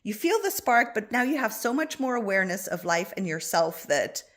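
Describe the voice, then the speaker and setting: A woman spiritual coach giving gentle, reassuring advice to an online group and calling listeners by endearments. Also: mid-range voice, sing-song, moderate pace.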